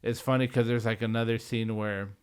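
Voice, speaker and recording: A man co-hosting a podcast, relaxed and agreeable, recounting a film's plot. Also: mid-range voice, smooth. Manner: relaxed, agreeable, retells plot with quick quoted lines. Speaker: podcast co-host. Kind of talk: casual movie rewatch chat.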